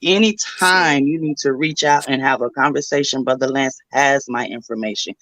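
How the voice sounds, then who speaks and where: A middle-aged woman with an unusually low voice calls in to offer advice. She sounds motherly and encouraging, using affectionate pet names, and her voice comes through dry and close. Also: moderate pace, a bit bright, no room sound, low-quality recording. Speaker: caller giving advice. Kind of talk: supportive call-in chat.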